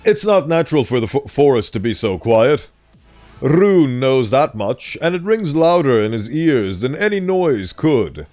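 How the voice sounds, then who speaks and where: Playful male streamer, lively pitch, faint music behind. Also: unhurried. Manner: playful, animated, self-correcting. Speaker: streamer reading stories. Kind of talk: live-stream reading and chat.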